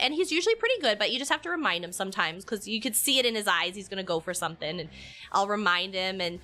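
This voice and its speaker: A woman chatting casually on a stream, telling animated stories and laughing often. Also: medium pitch, quick pace, faint music behind. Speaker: streamer and mother. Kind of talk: casual chat.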